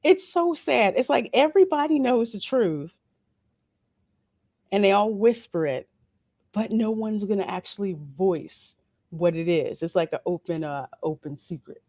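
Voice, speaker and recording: A woman hosting a casual solo livestream review of a TV episode. She reads viewer comments aloud and answers them in a relaxed, playful way with frequent asides. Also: medium pitch, a little slow, dry recording. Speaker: host of a show review channel.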